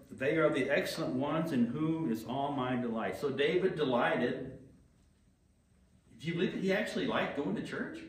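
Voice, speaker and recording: A male pastor preaching a sermon in a chatty way, asking the congregation questions and briefly acting out what people say. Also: mid-range voice. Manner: conversational, acts out quick voices and asks the room questions. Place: church sanctuary. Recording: very echoey church hall, mic at a distance.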